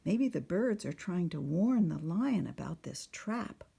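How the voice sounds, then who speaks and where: A woman narrating a picture book at storytime, speaking softly and often slipping into a whisper, asking the listener questions. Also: lowish voice, very animated, a little slow, gravelly, slightly rough. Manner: soft, often sliding into a whisper.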